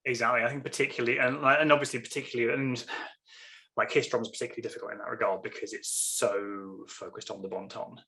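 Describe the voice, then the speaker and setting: An Englishman with a near-RP accent talks with a bright, forceful edge. He rambles through his thoughts, restarts his sentences and drops in apologetic asides, like a guest in a casual conversation. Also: mid-range voice, steady tone, quick pace. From England. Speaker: author guest.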